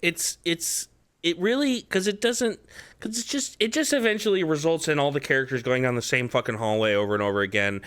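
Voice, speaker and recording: A man's voice: on the high side, brisk, fairly bright tone. A man co-hosting a casual movie podcast, rambling and laughing often as he picks apart a film. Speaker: podcast co-host.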